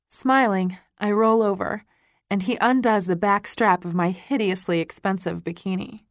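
A woman narrating a first-person romance audiobook in a slow, intimate reading voice. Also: medium pitch, steady tone, no room sound, studio quality.

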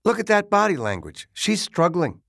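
A man's voice: high voice, wildly swooping pitch, normal speed, vocal fry, fairly bright tone, no room sound, clean studio sound, pitched above the performer's own voice, heavily acted. A man voicing a female lead police detective in an audiobook, giving short, matter-of-fact remarks in a raised voice. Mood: grim. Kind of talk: audiobook character voice.

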